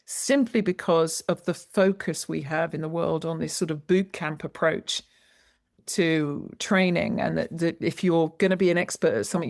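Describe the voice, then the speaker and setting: A woman's voice: on the low side, no echo, studio quality. A woman guest in an interview, explaining her work in an emphatic, lecturing way and stressing key words. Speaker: guest, movement educator. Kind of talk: interview conversation.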